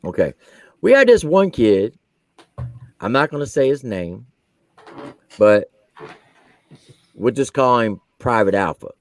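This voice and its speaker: A man's voice: medium pitch, very animated, slow pace, pauses often, no echo. A man, an army veteran who served as a drill sergeant, telling a story on a podcast in casual slang and acting out the quotes.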